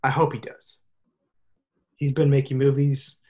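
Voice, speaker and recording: A young man chatting casually and excitedly, with lots of slang and playful impressions. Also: mid-range voice, unhurried. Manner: animated, slangy, puts on voices for fun. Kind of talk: casual chat.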